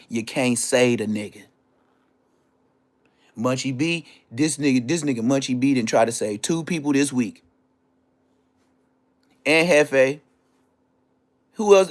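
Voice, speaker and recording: Man ranting on a livestream. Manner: heated, taunting, profane; swings between low growls and high yelps. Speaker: livestream host.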